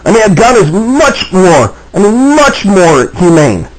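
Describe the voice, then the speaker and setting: A man's voice: high voice, very animated, a little slow, poor audio. A man talking agitatedly to camera, repeating himself and restarting often. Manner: agitated, repetitive, frequent restarts. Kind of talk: agitated personal video monologue.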